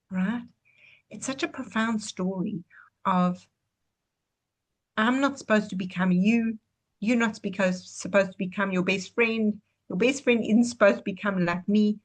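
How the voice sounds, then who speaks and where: A woman's voice: mid-range voice, a little slow. A woman giving an earnest, reflective inspirational teaching over a video call, telling stories as she goes. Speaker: guest teacher.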